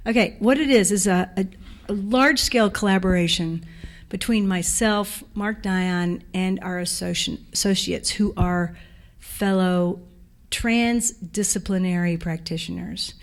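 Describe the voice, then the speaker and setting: A woman giving a guest lecture in a lecture hall, talking fast and energetically, correcting herself and chatting with the audience. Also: fairly low pitch. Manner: energetic, rushed, self-correcting, speaks to audience. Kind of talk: public art lecture.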